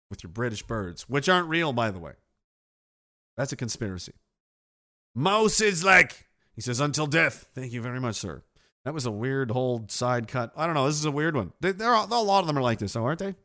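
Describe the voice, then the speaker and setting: Very animated and a little fast, a man speaks in a medium pitch with a sharp tone as he hosts a live show. The casual livestream rant is sarcastic and laced with swearing, and he reads out what viewers post in chat.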